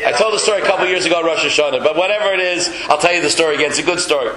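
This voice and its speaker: A rabbi with a fairly high voice speaks very fast, giving a chatty sermon packed with stories and Yiddish words and joking with his congregation. Crowd noise and a roomy echo come through on the recording.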